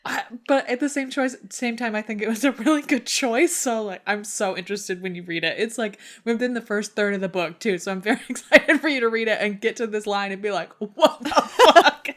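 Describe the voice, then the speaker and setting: This young woman co-hosts a podcast and chats casually about books, laughing often, saying "like" a lot, and swearing now and then. Her mid-range voice is a bit bright, brisk, and hardly pauses.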